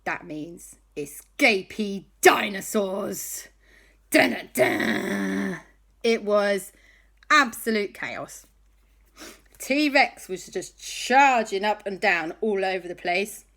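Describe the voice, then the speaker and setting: A woman's voice: mid-range voice, animated, slow, a bit bright. A woman telling an improvised children's story in a chatty, playful way.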